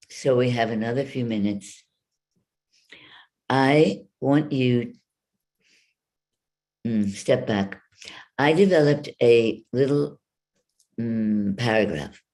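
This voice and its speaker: Slow, drawn-out woman speech teacher. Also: rumbling low, a little mellow. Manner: demonstrates vowels and consonants slowly, drawn-out sounds. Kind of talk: speech workshop over video call. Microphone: video call.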